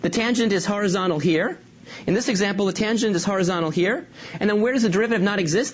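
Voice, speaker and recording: A calculus teacher giving a rapid, enthusiastic review lecture. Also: medium pitch. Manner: enthusiastic, upbeat explaining.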